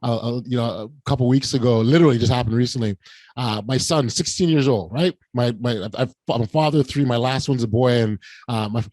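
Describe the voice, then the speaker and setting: In a casual podcast conversation he hosts, a middle-aged man retells a story with feeling, animated and full of stammering restarts. He speaks a little fast in a mid-range voice, with no echo.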